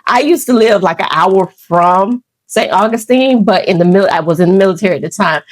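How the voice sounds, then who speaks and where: A woman's voice: mid-range voice, brisk, no room sound. Opinionated woman host, dry close sound. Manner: opinionated, conversational. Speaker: host reacting to clips. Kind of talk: commentary on clips.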